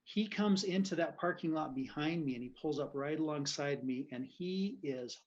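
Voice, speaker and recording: Man guest, lively storyteller who laughs a lot; muffled lo-fi audio. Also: a little high, moderate pace. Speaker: physician guest. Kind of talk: casual storytelling.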